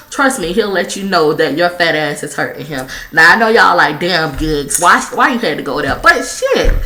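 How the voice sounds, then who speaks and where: A woman's voice: deep voice, echoey room. A woman vlogging candidly while smoking, blunt and profane, coughing now and then. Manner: blunt, profane, animated storytelling. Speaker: YouTube vlogger. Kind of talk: candid smoking-vlog monologue.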